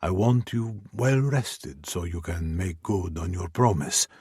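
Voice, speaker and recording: A man voicing a hushed, commanding mafia boss. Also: expressive, a little slow, breathy edge, no echo, clean studio sound, full character voice. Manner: low, hushed, half-whispered. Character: commanding male mafia leader, possessive.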